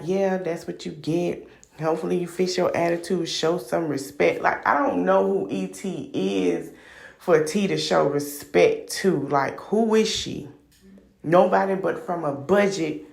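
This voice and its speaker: A woman's voice: sits low, vocal fry, a little mellow, echoey room. A woman hosting a podcast, casually recapping a reality show in a gossipy, opinionated, slangy way. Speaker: podcast host.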